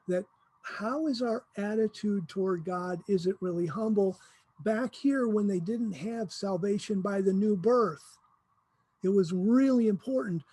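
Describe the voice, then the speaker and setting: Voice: mid-range voice, mellow, breathy edge, dry recording. A Bible teacher talking through scripture in an informal, conversational way, slipping into quoted voices with humor.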